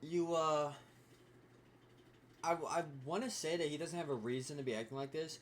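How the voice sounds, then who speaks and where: A man's voice: on the high side, moderate pace. A young man hosting a reaction video, rambling in casual commentary with constant fillers and swearing.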